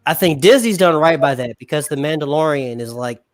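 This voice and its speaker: A man's voice: fairly high pitch, lively intonation, a little fast, no room sound, soft background music. Dry-voiced rambling man on a call. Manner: rambling, restarts often, laughs easily. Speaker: podcast co-host. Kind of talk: casual reaction chat. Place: remote video call.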